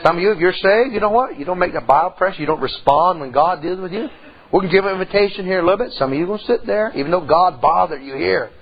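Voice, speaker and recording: A middle-aged man preaching a sermon in church, telling a folksy story and swinging from soft to loud. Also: high-pitched, fast, slightly rough, muffled recording. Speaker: pastor.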